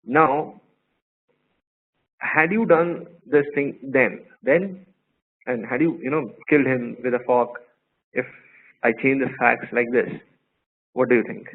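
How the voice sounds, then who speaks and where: A man's voice: medium pitch, gravelly, husky. A man teaching a law class online, telling playful stories and quizzing his students. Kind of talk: live online class lecture. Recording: tinny phone-like line, faint noise.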